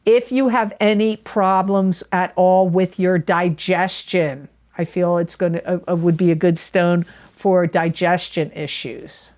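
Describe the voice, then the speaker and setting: A woman's voice: on the low side, steady tone, a little slow, hardly any pauses, darkish tone. A woman reading tarot for viewers in a chatty, earnest way, often repeating herself and correcting her own words. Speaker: tarot reader. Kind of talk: monthly astrology forecast to camera.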